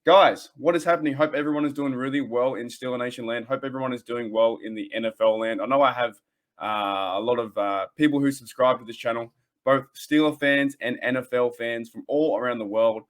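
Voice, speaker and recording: A man's voice: mid-range voice, brisk. A man with an Australian accent hosting a casual podcast, rambling and joking with lots of fillers and restarts. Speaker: podcast host.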